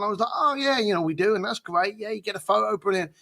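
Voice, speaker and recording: A man's voice: sits high, quick pace, vocal fry, few pauses, sharp tone. A man as a podcast guest, telling stories with animation and acting out the voices of people he quotes. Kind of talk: storytelling in a podcast interview.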